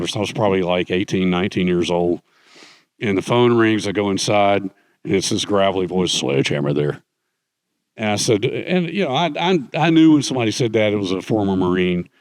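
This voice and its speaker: A middle-aged man telling anecdotes in a relaxed conversational way, animatedly acting out the voices of people he quotes. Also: lowish voice, no echo. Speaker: guest speaker, author. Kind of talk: conversational storytelling.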